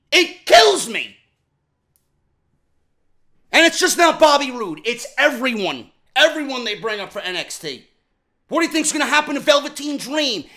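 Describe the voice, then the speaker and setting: Very high-pitched new york guy ranting about wrestling, sharp tense voice, swearing and yelling a lot. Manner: profane, heated, repeats questions, often shouting. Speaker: wrestling show reviewer. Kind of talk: ranting show review.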